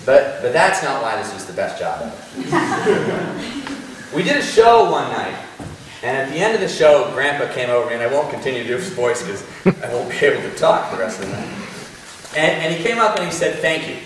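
A man giving a keynote speech, telling a story in an animated way, laughing often and repeating words. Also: mid-range voice, normal speed, pauses often. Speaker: keynote speaker. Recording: echoey hall, mic from a distance, faint noise.

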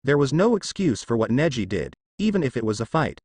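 A man voices a brash, cocky teenage boy ninja full of bold talk. The pitch jumps around with energy, and the recording is close and dry. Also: big pitch swings, fairly quick, a little mellow, slightly rough, no echo.

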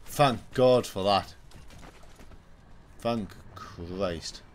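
A man's voice: lowish voice, drawn-out words, a little hiss or hum. A man streaming a shooter game, yelping and muttering at the screen as he plays. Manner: excitable, yelps and mutters at the game. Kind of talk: live gameplay commentary.

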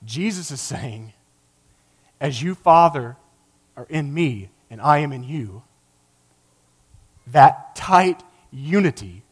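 A man's voice: expressive, slow, pauses often, slightly rough. Fervent man preaching a sermon. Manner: passionate, builds to loud emphatic peaks then drops low; acts out quoted lines in character voices. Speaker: pastor.

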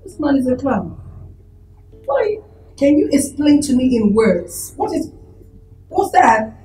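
A woman's voice: high voice, sing-song, slow pace, faint music behind, exaggerated voice. A woman playing an impatient rich madam. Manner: sharp, impatient questioning. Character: impatient wealthy wife of the house. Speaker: wife of the employer, interviewing staff. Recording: roomy echo, from off-mic.

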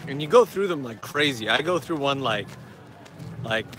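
A man's voice: mid-range voice, animated, normal speed, fairly bright tone, a little hiss or hum. A man hosting a casual livestream outdoors in a park, chatting and answering viewer questions as he walks. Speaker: livestream host. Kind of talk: casual live-stream chat.

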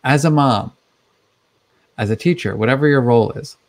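Guy in an interview, middle pitch, talky and explaining, lots of "like" and "you know". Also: fairly quick, pauses often, darkish tone. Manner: explanatory, chatty with many fillers. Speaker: guest expert on emotions. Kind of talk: conversational interview.

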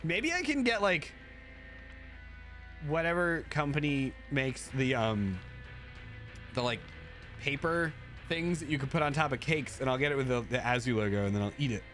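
A man hosting a live stream in loose, rambling chat, his pitch swinging widely and jumping up high whenever he thanks viewers. His voice sits at an ordinary middle pitch. Faint music plays underneath. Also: expressive, normal speed, pauses often, fairly bright tone. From United States. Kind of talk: casual live-stream chat, reading and answering chat.

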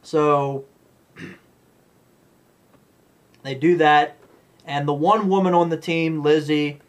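A man's voice: fairly high pitch, fairly even intonation, slow. A man giving a rambling, blunt, profane movie review rant.

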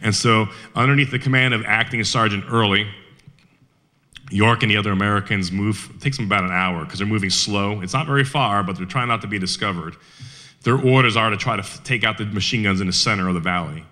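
A man telling a war history story at a Veterans Day event, animated, with rhetorical questions and frequent restarts. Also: fairly low pitch, brisk.

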